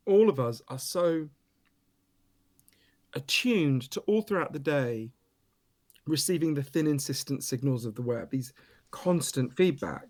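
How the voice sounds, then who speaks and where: Animated British man telling stories. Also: a little high. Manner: animated, emphatic storyteller, swears casually. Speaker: author and guest. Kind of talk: storytelling interview.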